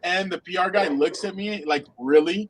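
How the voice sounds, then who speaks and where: A man co-hosting a casual football podcast, telling animated anecdotes and laughing often. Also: high voice, moderate pace, low-quality recording. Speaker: podcast co-host, football reporter. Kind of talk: casual sports podcast chat.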